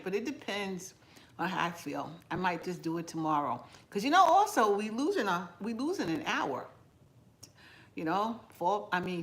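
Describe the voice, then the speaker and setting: A woman hosting a home cooking channel, chatting casually with viewers while she eats, relaxed and laughing often. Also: medium pitch. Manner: chatty and relaxed, talks between bites and greets viewers by name. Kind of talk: casual live chat while eating.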